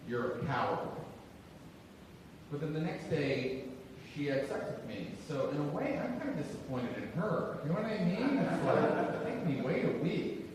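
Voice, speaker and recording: A man doing a stand-up comedy set on a theater stage, self-deprecating, acting out the people in his stories. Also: a little high. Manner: self-deprecating, acts out shouted quotes. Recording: roomy hall from a distance, noisy. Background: audience laughter.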